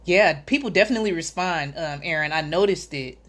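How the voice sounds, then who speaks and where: Fairly low in pitch, fairly quick, and fairly bright, this woman hosts an easygoing livestream. Between frequent laughs she reads viewer comments, names the people watching, and jokes sarcastically.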